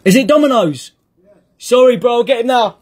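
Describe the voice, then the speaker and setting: A man's voice: very high-pitched, animated, a little fast, darkish tone, husky. A young man with a British accent chatting casually on a live stream, playfully reading out fan gifts and comments.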